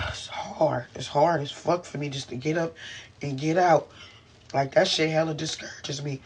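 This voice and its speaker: A man's voice: a little high, fairly even intonation, normal speed, a little hiss or hum. A man venting into his camera in a rambling, profane, frustrated way while in pain, speaking from inside a car. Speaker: vlogger.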